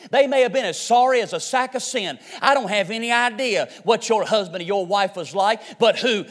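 A man preaching a fiery revival sermon, swinging between shouted lines and hushed ones. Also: high-pitched, a little fast, few pauses.

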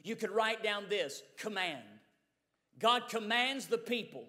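A man's voice: sits high, expressive, measured pace, sharp tone. A man preaching a sermon in a church, repeating phrases rhythmically and building to fervent Pentecostal intensity. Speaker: pastor. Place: church sanctuary. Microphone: mic run through a sound board.

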